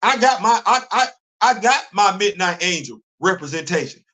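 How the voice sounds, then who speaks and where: Man, high voice, live stream host, animated, rhetorical questions, repeats himself. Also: moderate pace.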